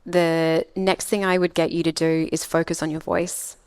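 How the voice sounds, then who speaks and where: Emphatic Australian woman coach, low voice. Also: flat delivery, normal speed, a little mellow, clear, resonant tone, dry recording. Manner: emphatic, acts out example voices. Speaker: public speaking coach. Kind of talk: podcast interview.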